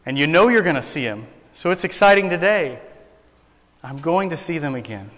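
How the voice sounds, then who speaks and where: A man's voice: fairly high pitch, animated, normal speed, a bit bright, big-room sound. A man preaching a sermon to a congregation, folksy and joking, telling jokes as he goes. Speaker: pastor. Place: church sanctuary.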